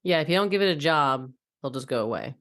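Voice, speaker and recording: A woman's voice: low-pitched, expressive, fast talker, a bit bright. A woman hosting a podcast interview, speaking casually and thoughtfully, often repeating words as she works out her point. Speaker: podcast host, chiropractor.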